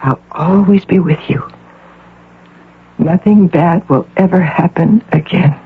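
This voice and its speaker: A woman's voice: on the low side, slow pace. A coaxing, possessive false mother. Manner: soft, coaxing, insistent. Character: intense, possessive woman posing as a devoted mother. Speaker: visitor claiming to be the patient's mother. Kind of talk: 1980 radio drama acting. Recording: narrow phone-like radio broadcast with faint hum.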